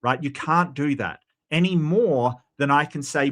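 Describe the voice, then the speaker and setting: A man's voice: fairly high pitch, measured pace, fairly bright tone. A man talking through the reasoning of a debate in casual commentary, with plenty of fillers, spelling out his argument step by step. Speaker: debate reviewer.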